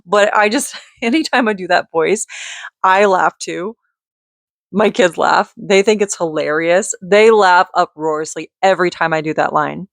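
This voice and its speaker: A woman vlogging in a casual, rambling way, chatty and quick to giggle as she drifts off on tangents. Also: on the low side, vocal fry, no echo, clean studio sound. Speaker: vlogger and mother.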